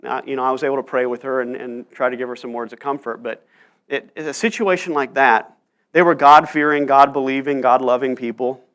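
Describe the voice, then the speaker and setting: A man's voice: mid-range voice, a bit bright. A male pastor preaching a sermon in church, telling stories earnestly and pressing rhetorical questions. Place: church sanctuary.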